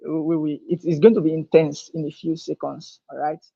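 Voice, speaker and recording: A woman speaking at a business seminar. She talks emphatically, repeats her words as she restarts phrases, and climbs higher and louder on her key points. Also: level tone, measured pace, creaky, slightly rough. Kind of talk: motivational business seminar talk. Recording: dull lo-fi sound.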